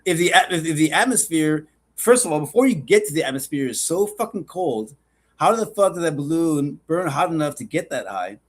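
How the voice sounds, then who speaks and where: Podcast co-host, man, high-pitched, stammering and profane, ranting in casual chat. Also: very animated, brisk. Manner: rambling, stammering restarts, swears a lot, gets worked up.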